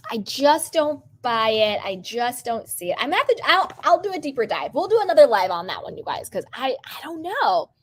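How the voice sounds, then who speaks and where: High-voiced chatty woman streaming live. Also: brisk, hardly any pauses. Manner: chatty, animated, calls viewers sweetheart. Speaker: host of a live celebrity gossip stream. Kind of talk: casual live chat, reading viewer comments aloud.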